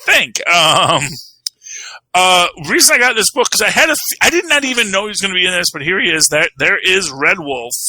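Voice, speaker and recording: A man's voice: high-pitched, expressive, fairly quick, pushed and bright, no echo, rough recording. A man co-hosting a podcast, talking comics in a rambling, casual way full of "you know" and "um". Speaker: podcast co-host. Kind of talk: casual chat about comics.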